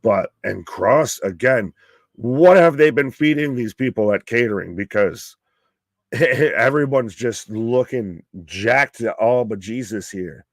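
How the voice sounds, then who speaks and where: A man hosting a live watch-along, giving casual wrestling commentary and getting loud and excited at surprises. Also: mid-range voice, slow pace, no echo. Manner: excitable, swears, pops loudly at surprises. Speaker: alternative commentary host.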